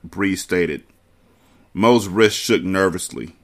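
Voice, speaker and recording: A man with a low voice reads a novel aloud for his book podcast. His narration is measured and expressive, pacing the story steadily.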